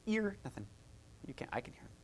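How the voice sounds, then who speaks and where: A woman's voice: extremely low pitch, sing-song, fast, creaky, a little hiss or hum. A woman music therapist teaching a group, chatty and encouraging, demonstrating vocal sounds and laughing often. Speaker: music therapist leading a workshop.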